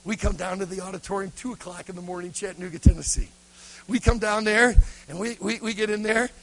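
A man preaching a sermon to a youth conference, telling a story dramatically and swinging between loud praise and hushed intensity. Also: high voice, fairly even intonation, quick pace, low-quality recording.

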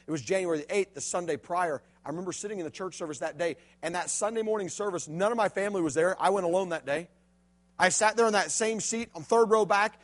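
A middle-aged man from Illinois giving a sermon testimony, dropping to a hush and then rising to a shout. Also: sits high, fast. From Illinois, USA. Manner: swings from hushed to shouting. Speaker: preacher.

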